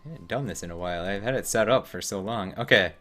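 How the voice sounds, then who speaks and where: A man's voice: lowish voice, fast, bright, forceful tone. A man streaming a video game, chatting casually and wryly as he plays and talks to the characters on screen. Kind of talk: casual gameplay commentary.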